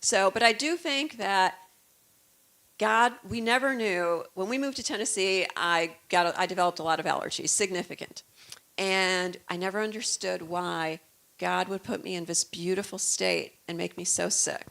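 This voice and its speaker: A woman's voice: lowish voice, normal speed, vocal fry, a bit bright. A woman in her fifties from the Chicago suburbs, telling stories in an earnest, chatty way as a guest author. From United States, Chicago suburbs. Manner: chatty, earnest, proud mother. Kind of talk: casual storytelling talk.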